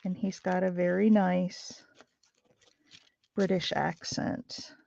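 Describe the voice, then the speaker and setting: A woman with a gravelly, creaky voice chats unhurriedly with her viewers while she works on a craft project. She greets people by name and talks through each step as she goes. The sound is dry and a little dull, like a lo-fi recording. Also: fairly low pitch, flat delivery, slow, dark tone, no room sound. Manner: chatty, greets viewers and thinks aloud while working. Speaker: craft livestream host. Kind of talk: casual chat while crafting.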